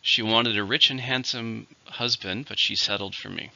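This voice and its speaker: A man's voice: on the low side, fairly even intonation, moderate pace, creaky, sharp tone, no echo. A man teaching English vocabulary, explaining words with some hesitation and example sentences. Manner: hesitant, with fillers and small restarts. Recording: muffled lo-fi recording.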